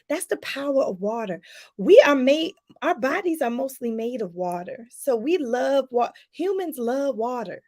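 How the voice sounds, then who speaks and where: On a live stream, a woman life coach chats casually and lively with her viewers, laughing a lot and calling them "y'all." Her pitch jumps up whenever she wants to emphasize something.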